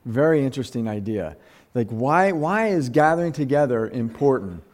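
A man's voice: medium pitch, animated, normal speed, a little mellow. A man preaching a conversational sermon, earnest and close to tears, often restarting his sentences. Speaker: pastor.

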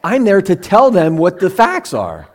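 A middle-aged man preaching in a conversational sermon, who slows down to read scripture and at times gets emotional. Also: sits high, wildly swooping pitch. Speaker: pastor.

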